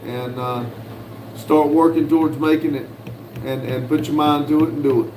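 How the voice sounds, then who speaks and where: A man from the United States hosting a casual livestream, reading viewers' messages aloud in a folksy, unhurried way with lots of "uh"s. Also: a little high, fairly even intonation, a little mellow, a little hiss or hum. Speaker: livestream host reading chat. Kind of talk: casual live chat. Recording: roomy with faint background ambience.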